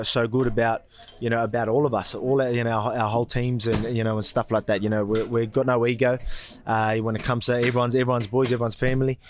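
Australian bloke, quick interview talk, humble and rambling, lots of fillers. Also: male voice, mid-range voice, a little hiss or hum. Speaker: fighter guest. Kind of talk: casual interview chat.

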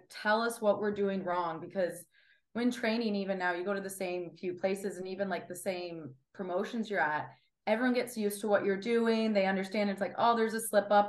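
A woman's voice: medium pitch, roomy sound. A young woman in her twenties, a wrestler guest chatting casually and acting out quotes. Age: 20s. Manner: chatty, animated, acts out quotes. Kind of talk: casual interview chat.

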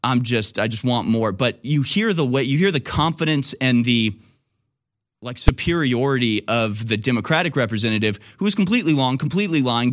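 A man's voice: mid-range voice, a bit bright. A man hosting a political talk show, delivering indignant, sarcastic commentary.

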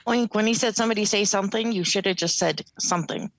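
A woman's voice: mid-range voice, fast, a bit bright, no room sound, low-quality recording. A woman co-hosting a live online radio show, teasing and laughing with the others. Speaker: co-host.

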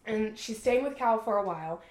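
A young woman co-hosting a podcast who recaps a book in casual chat. She is an animated storyteller who swears freely and says "like" often. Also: fairly high pitch, a little fast. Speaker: podcast co-host. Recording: roomy echo.

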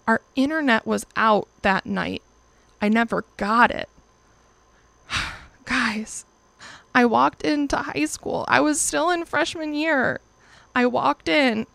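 A woman's voice: fairly high pitch, gravelly, fairly bright tone, no room sound. A young woman in her twenties casually telling a personal story as host, chatty and profane, acting out quoted lines in livelier voices. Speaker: podcast or vlog host.

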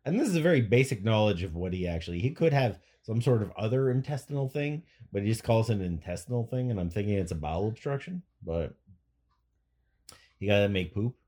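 A man's voice: fairly low pitch, expressive, brisk, mellow. A man co-hosting a podcast, rambling through jokes and stories in casual chat, often restarting his sentences. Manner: rambling, joking, trails off and restarts. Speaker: podcast co-host.

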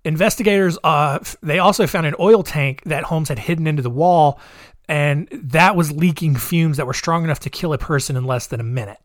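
A man's voice: on the high side, brisk, no echo. Man, casual true-crime storytelling, hesitant, wry, dry close recording. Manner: hesitant, many fillers and restarts, wry. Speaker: podcast storyteller.

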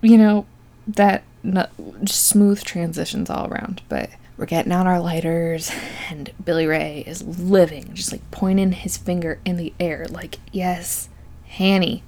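A woman's voice: on the low side, fairly even intonation, a little slow, warm tone, a little hiss or hum. A young woman casually recapping a movie, chatty and sarcastic, full of likes, ums and asides.

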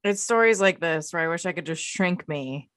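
Bright, playful woman co-host. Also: lowish voice, animated, moderate pace, no echo, clean studio sound. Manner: joking, playful. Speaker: podcast co-host. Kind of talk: casual chat.

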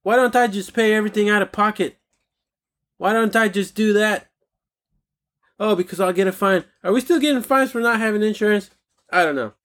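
High-voiced man ranting, full of profanity. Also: a little fast, pauses often. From United States. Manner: profane, animated ranting with sudden loud outbursts. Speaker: podcast host. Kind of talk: solo rant monologue.

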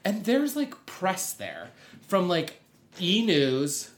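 Podcast co-host: woman in her thirties, self-mocking storyteller, very lively pitch, recorded in an echoey room. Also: slow. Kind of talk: casual chat, storytelling.

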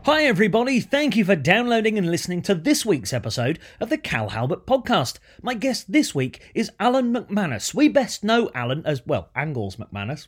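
A man's voice: a little high, no room sound, studio quality. A man hosting a podcast, chatting casually and telling anecdotes with an easy, friendly flow. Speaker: podcast host. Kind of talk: casual chat.

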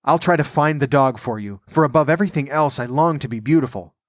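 Brief: man voices a poor vain glassblower, pleading, rising pitch, dry read. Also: quick pace, no room sound, close to an everyday voice. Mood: eager.

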